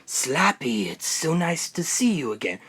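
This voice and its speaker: Guy doing a creepy evil dummy, slow and drawling, husky low voice that swoops around. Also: sing-song, a bit bright, heavily acted. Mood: taunting. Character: sinister male ventriloquist dummy, gleefully evil. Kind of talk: live-stream impression. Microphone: phone.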